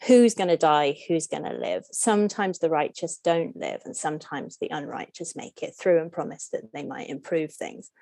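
A woman scholar speaking as a podcast guest, explaining at length. She talks in an animated way, leaps up in pitch when joking, and asks strings of rhetorical questions. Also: moderate pace, creaky, few pauses, no echo. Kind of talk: podcast interview.

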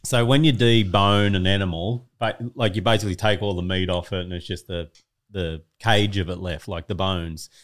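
A man's voice: deep voice, fairly even intonation, moderate pace. A man with an Australian accent, a guest bantering bluntly and swearing in casual chat.

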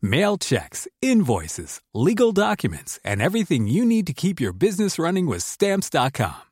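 A man reading a scripted advert in a smooth, salesy way. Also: fairly high pitch, huge pitch swings, normal speed, darkish tone, dry recording, clean studio sound. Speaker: ad announcer. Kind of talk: scripted radio-style ad read.

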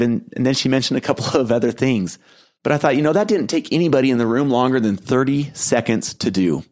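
A middle-aged man hosting a podcast, telling a reflective story in an earnest, gentle way with soft laughs. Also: mid-range voice, fast talker. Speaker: podcast host and keynote speaker.

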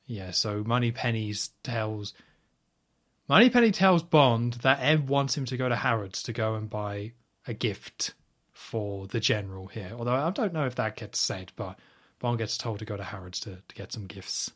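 A man's voice: lowish voice, lively intonation, moderate pace, a bit bright. Chatty man recapping a film. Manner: rambling, opinionated, chatty retelling. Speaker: podcast host. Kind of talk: casual film recap chat.

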